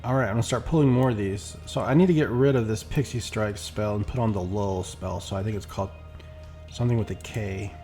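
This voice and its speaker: Man gamer, deeper register, rambling running commentary with quoted asides, faint music bed. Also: a little fast, dark tone. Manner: chatty, rambling, acts out quotes. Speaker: gameplay streamer. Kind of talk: casual commentary while playing.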